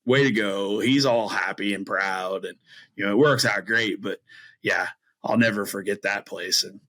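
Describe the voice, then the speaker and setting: Speaking at a moderate pace in a low, sharp voice, a middle-aged bowhunter and string maker shares a story as a podcast guest. He's casual and animated, acting out his reactions between frequent fillers, over rough audio.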